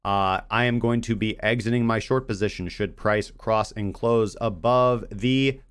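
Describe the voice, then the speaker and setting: A man's voice: lowish voice, steady tone, measured pace, fairly bright tone, clean tone, no echo. A man hosting a crypto trading show, talking casually and bluntly about chart analysis and mocking vague analysts. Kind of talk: casual livestream trading commentary.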